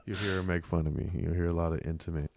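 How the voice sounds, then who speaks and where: A man's voice: deep voice, fairly even intonation, quick pace, gravelly, a little mellow, a little hiss or hum. A man chatting casually as a podcast guest, laid-back and slangy. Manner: laid-back, slangy, lots of "you know what I'm saying". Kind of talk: casual interview chat.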